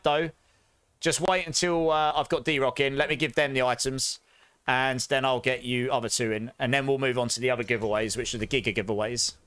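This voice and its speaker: A young man talks casually through a live game stream, upbeat and chatty with his viewers. His voice is smooth and clear, at an everyday middle pitch. The sound is close and dry, as from a mic at his desk. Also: bright, forceful tone, no echo. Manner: chatty, upbeat, announcing giveaway winners. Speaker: streamer host.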